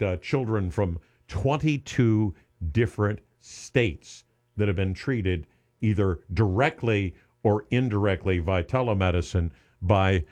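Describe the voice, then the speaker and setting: A man's voice: lowish voice, a little mellow. A man hosting a charity radiothon on the radio, talking earnestly and often restarting with repeated words. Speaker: radio host.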